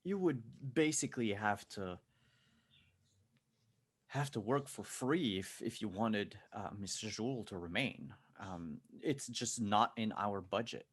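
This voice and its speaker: A man's voice: lowish voice, expressive, a little slow, slightly rough. A man voicing a nervous male corporate recruiter who stammers and hedges in a tabletop game. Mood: evasive nervous. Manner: stammering, hesitant.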